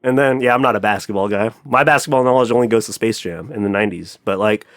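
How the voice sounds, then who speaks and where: A man's voice: lowish voice, fast, dry recording, studio quality. A man in casual podcast chat, rambling and swearing freely, with lots of filler words. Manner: animated, profane, rambling with many "like" fillers.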